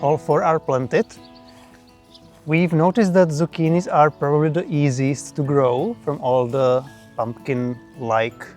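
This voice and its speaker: A man co-hosting a homesteading vlog, chatting casually outdoors in a garden with dry, deadpan humor. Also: on the high side, slow pace, faint music behind. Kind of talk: casual chat.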